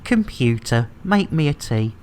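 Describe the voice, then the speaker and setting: A man's voice: medium pitch, big pitch swings, unhurried, a little mellow, a little hiss or hum. A man chatting to viewers while streaming a space game, jokey and chatty. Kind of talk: casual game streaming chat.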